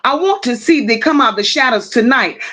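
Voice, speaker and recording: High-voiced woman hosting a casual livestream. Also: animated, a little fast, pushed and bright. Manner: affectionate, calls viewers "my love" and "boo"; blunt, curses casually. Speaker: livestream host. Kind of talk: casual livestream chat, greeting viewers and reading comments.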